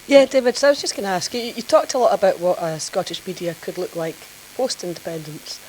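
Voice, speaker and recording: A woman's voice: fairly low pitch, fast, a little mellow, slight background noise, low-quality recording. A woman in the audience asking a question from across the room, tentative and hesitant. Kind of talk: question from the floor. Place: meeting room. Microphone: off-mic, from across the room.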